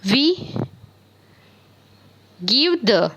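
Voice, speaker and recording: A woman's voice: on the high side, big pitch swings, drawn-out words, fairly bright tone, breathy edge, poor audio. A woman teaching English grammar in a screen-recorded lesson. She spells words out letter by letter and asks questions that she answers herself. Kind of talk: slow spelling lesson on verbs.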